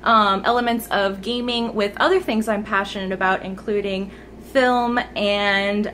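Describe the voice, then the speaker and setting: A woman's voice: on the high side, moderate pace, a bit bright. A young woman giving a chatty, enthusiastic update on her gaming channel, recorded close on her smartphone at home. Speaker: gaming YouTuber. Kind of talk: informal channel update vlog. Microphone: smartphone camera mic held close. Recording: smartphone mic, faint background noise.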